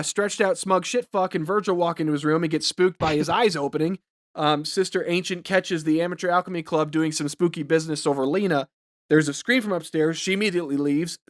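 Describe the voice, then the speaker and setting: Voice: mid-range voice, dry recording. A podcast co-host recapping a horror film in a loose, profane ramble, often exasperated by the script. The mic is dry and close, with no room sound at all. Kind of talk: casual chat.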